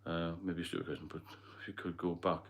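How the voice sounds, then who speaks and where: This Northeast England native, a middle-aged man with a Geordie and London blend in his accent, hosts a relaxed livestream and rambles through replies to viewer comments. He talks fast in a low voice with little pitch movement.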